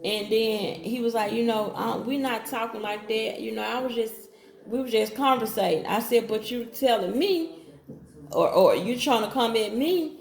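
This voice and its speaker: A woman's voice: on the high side, normal speed, gravelly. A woman telling her own story casually to viewers, speaking straight to them and acting out what people said in her own voice. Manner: talks straight to viewers with Southern-style slang, quotes others in her own voice. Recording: echoey room.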